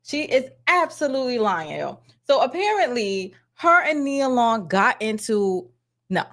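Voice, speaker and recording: A woman hosting a casual celebrity gossip vlog, blunt, slangy and sassy, talking straight to her viewers. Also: medium pitch. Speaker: gossip vlogger.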